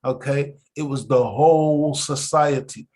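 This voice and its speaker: A man lectures a study group in an emphatic, preacherly way, with a voice pitched a little higher than most men's. He keeps checking in with his listeners and calls them family as he drives each point home. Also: steady tone, unhurried, darkish tone. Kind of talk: impassioned lecture.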